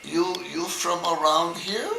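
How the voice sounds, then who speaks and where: A man's voice: high voice, slow, gravelly, roomy sound, noisy background, exaggerated voice. An older man voicing a nosy older woman who pries with question after question. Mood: prying. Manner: prying, questioning.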